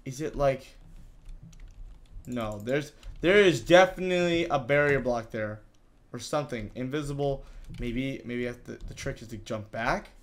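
A man giving live gameplay commentary, talking to himself in frustrated, excitable bursts with many restarts. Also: medium pitch, normal speed. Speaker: gaming YouTuber.

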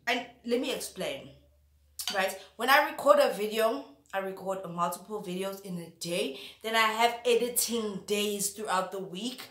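Woman vlogging while she eats, dramatic and chatty, bright voice, echoey room. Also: mid-range voice, moderate pace. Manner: theatrical, animated, chatty. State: mouth full, eating spicy food. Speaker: YouTuber. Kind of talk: casual eating vlog chat.

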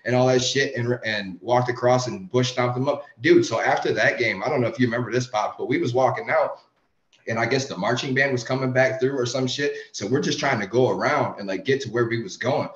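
A man's voice: medium pitch, fairly quick. A young man co-hosting a podcast, telling stories in a heated, swearing, casual way. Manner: heated storytelling, heavy swearing. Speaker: podcast co-host. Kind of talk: casual chat. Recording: roomy, dull lo-fi sound.

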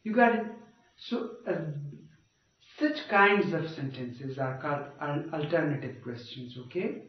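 A man's voice: fairly high pitch, big pitch swings, measured pace. A male teacher giving a grammar lecture, repeating points and checking with "okay?" and "you got it?". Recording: dull, echoey, far from mic.

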